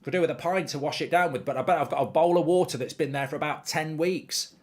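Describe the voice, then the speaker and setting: A man's voice: on the high side, fast, natural voice. A man voicing a hungry male dog that grumbles sarcastically and swears about its food. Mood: grumbling.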